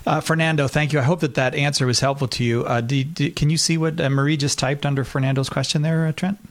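Chatty radio host, slightly high. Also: male voice, fairly even intonation, quick pace. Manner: playful, chatty, laughing easily. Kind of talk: casual radio hosting. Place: home.

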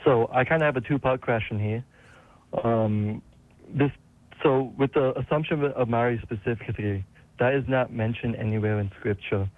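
Northern English caller on a tinny phone line. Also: male voice, medium pitch, moderate pace, dry recording. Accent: Northern English, Carlisle. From Northern England. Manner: hesitant, thoughtful. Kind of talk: phone-in question.

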